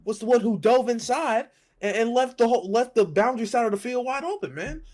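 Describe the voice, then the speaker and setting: A man's voice: extremely high pitch, lively intonation, fairly quick, a little mellow. A man co-hosting a sports podcast, speaking bluntly and emphatically, often ending lines with "man". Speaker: podcast co-host. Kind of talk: casual sports podcast chat.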